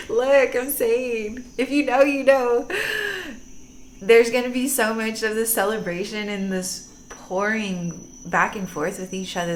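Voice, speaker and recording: A woman's voice: medium pitch, a little hiss or hum. A woman giving a casual tarot reading, gushing and teary-eyed, laughing often and using slang. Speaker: tarot reader.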